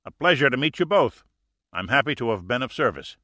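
A man's voice: medium pitch, sing-song, fairly quick, pushed and bright, dry recording, studio quality, voice pushed up. A man voicing a cheerful, cocky male sidekick who talks loftily and a bit boastfully. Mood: lofty. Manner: lofty, cheerful, a touch boastful.

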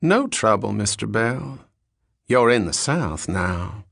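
A man's voice: on the low side, very animated, slow, gravelly, a bit bright, breathy edge, dry recording, studio quality, heavily acted. A man voicing a talkative, hospitable Southern landlady, a middle-aged woman, with a thick drawl.

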